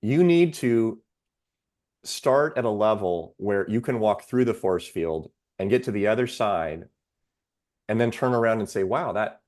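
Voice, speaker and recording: A man's voice: fairly low pitch, expressive, a little mellow. A man, a psychiatrist guest on a podcast, explaining ideas steadily with worked examples. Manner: measured, lays out ideas with examples. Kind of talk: explanatory interview talk.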